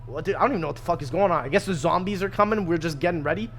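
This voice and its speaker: A man's voice: a little high, racing, fairly bright tone, slight background noise. A man streaming, reading a fan script aloud with sarcastic, profane asides. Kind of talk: mocking read-through of a fan script.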